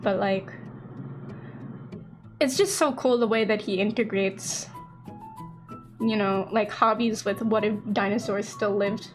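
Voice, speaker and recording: A young woman streaming and chatting casually as a VTuber, excitable, laughing often and acting out quoted conversations. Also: mid-range voice, unhurried, pauses often, soft background music.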